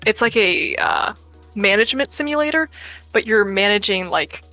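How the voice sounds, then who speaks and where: Guest co-host, bright lively voice, casual unscripted ramble. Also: medium pitch, normal speed, faint music behind, poor audio. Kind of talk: casual podcast chat.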